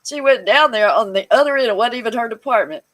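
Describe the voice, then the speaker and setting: A woman whose voice is a little high speaks fast while sharing her hospital story as a guest in casual chat. The recording quality is low; she's an animated storyteller who laughs often and mimics the voices of the people involved.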